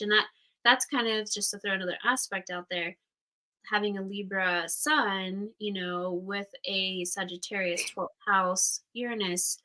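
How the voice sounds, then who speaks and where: A woman's voice: medium pitch, bright, forceful tone, rough recording. A woman in her thirties hosting a casual astrology class, talking candidly and chattily with frank swearing. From Utah, United States. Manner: candid, chatty, swears, acts out quoted voices. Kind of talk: casual livestream astrology talk.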